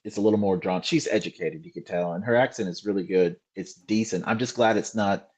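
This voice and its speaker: Texan man, fifties, husky, lowish voice, drawling, casual host chat. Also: a little fast, darkish tone. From Texas.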